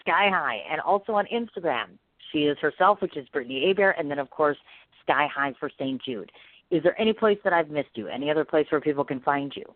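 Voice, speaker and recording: A woman's voice: sits low, lively intonation, a little fast, no echo. A woman hosting an interview podcast, effusive and gushing in her praise. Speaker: podcast host. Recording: phone-like line, dry.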